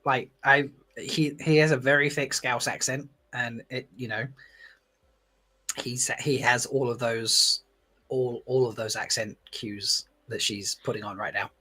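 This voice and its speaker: A man from Essex, hosting a relaxed chat with a mid-range voice. He talks in a lively way, laughs often and slips into quick voices for the people he quotes. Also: mid-range voice, husky. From Essex, England. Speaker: host. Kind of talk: casual chat.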